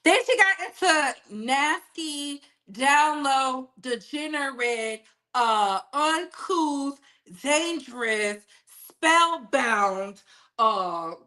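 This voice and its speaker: Female gossip streamer with a high, bright voice; animated, chatty, laughs a lot. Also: very slow. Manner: animated, laughs often, talks straight to her chat. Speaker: gossip livestream host. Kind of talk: casual livestream gossip chat.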